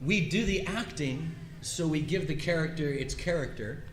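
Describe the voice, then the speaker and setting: A man voice actor calmly explaining his work on a convention panel, clearing his throat at times. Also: fairly high pitch, normal speed, roomy sound, slight background noise, low-quality recording. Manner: easygoing, clears throat often.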